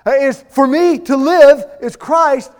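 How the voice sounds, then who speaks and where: Earnest jailed apostle, high voice, confessing to a jailer, a preacher doing him. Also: male voice, slow pace, a little mellow. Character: the apostle Paul, a jailed man testifying.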